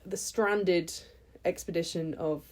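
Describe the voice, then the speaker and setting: A woman's voice: on the low side, slow pace. A young woman talking through books she read in a chatty, enthusiastic vlog, with lots of ums and restarts. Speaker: book vlogger. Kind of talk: casual book review chat.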